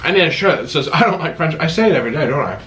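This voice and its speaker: A man hosting an eating video at home, chatting casually and rambling between bites. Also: racing. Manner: chatty, rambling, animated swings in pitch. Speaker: mukbang host. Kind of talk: casual chat while eating. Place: room at home. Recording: echoey room with faint background noise.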